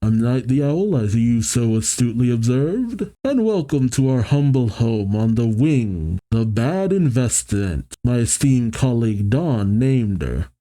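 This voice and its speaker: A man's voice: mid-range voice, big pitch swings, unhurried, few pauses, dark tone. A man voicing a theatrical, wordy male owl from a comic, reading him aloud. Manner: grandiose, wordy.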